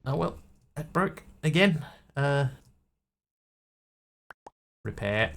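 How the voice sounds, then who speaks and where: Gravelly-voiced man streaming a game. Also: a little high, animated, extremely slow, a bit bright. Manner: rambling, joking, talks to chat. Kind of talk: live game commentary and chat.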